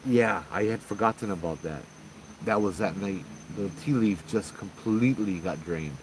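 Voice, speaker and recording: A man's voice: low-pitched, slight background noise, poor audio. A man casually telling ghost stories in a rambling, conversational way, quoting the people in them as he goes. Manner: rambling, conversational, quotes others in quick asides. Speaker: storyteller host.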